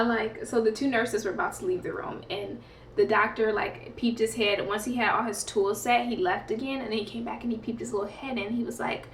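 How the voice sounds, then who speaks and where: A woman's voice: fairly high pitch, steady tone, a little fast, a little hiss or hum. A woman vlogger telling a story in a rambling, chatty way, full of fillers and laughs. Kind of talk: casual storytime. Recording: echoey room, mic at a distance.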